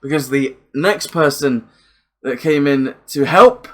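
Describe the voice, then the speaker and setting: A young man talks through a wrestling match in a loose, excitable ramble, swearing freely and circling back to the same points. His voice sits a little high and comes across bright and forceful. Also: takes it slowly. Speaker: wrestling reviewer. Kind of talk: casual video review.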